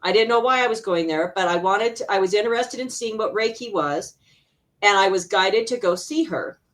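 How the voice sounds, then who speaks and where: Laughing frequently, a middle-aged Arizona woman who works as an intuitive healer recounts a personal story on an interview show, imitating remembered voices. Her pitch is medium and she talks at a normal pace.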